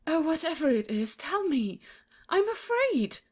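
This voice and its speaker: A woman's voice: sits high, sing-song, unhurried. A woman voicing a young, trusting princess, earnest and pleading in a childlike way.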